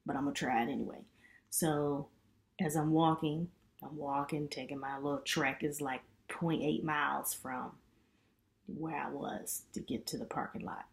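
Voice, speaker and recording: A middle-aged woman vlogging as a student, telling a chatty, animated story full of asides. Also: deep voice, normal speed, creaky. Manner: chatty, animated retelling with lots of "you know". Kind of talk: casual storytelling vlog.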